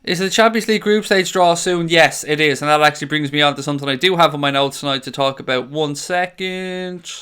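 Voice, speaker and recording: A man's voice: a little high, fairly quick, few pauses, fairly bright tone, clear, resonant tone. A young Irish man hosting a live fan stream, chatting casually, blunt and sweary, reading out viewers' comments. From Ireland. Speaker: fan channel host reading live chat.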